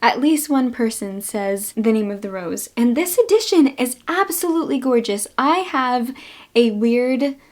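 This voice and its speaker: A young woman talks casually to her viewers about books, her slightly high voice full of excited thanks. She gushes freely and fills her pauses with little ums. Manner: gushing, grateful, lots of "oh my gosh" and "um". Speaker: book vlogger. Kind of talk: casual book haul chat.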